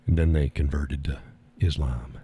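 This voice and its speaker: A man's voice: a bass voice, fairly even intonation, normal speed, warm tone, husky. A man hosting a live stream, chatting in a rambling, blunt way and laughing often as he talks. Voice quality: swears casually. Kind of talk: casual monologue chat. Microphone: audio call setup.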